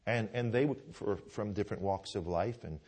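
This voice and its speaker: A man's voice: fairly low pitch, moderate pace, darkish tone, husky. A man preaching a sermon in a church, fervent and conversational, often asking the congregation "Amen?" and restarting his words as he tells a story. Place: church with pews.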